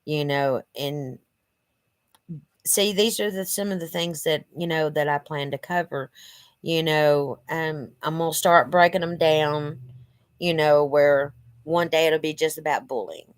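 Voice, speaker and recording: Woman vlogger, low and unhurried, earnest and rambling, slightly stuffy nose. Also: fairly even intonation, dry recording. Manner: rambling, many "you know" fillers, earnest. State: stuffy from allergies. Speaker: channel host. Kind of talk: casual direct-to-camera vlog. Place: living room at home.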